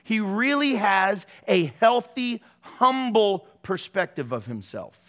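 A man with a high voice preaches a casual sermon to his congregation. He jokes between scripture readings and keeps the tone playful. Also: big pitch swings, slow pace, fairly bright tone. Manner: playful, jokey asides to the congregation. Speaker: pastor.

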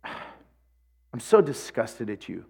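A man acting out a stern male teacher, his voice dropping low and cold. He scolds slowly, every word weighed down by disgust. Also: big pitch swings, creaky, darkish tone, breathy edge, big-room sound, exaggerated voice.

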